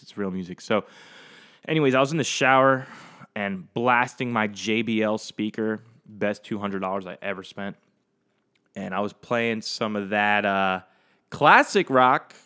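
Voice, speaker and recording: A young man hosting a solo podcast, rambling in a casual, profane, animated way and talking straight to his listeners. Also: fairly low pitch, clear, resonant tone. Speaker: podcast host.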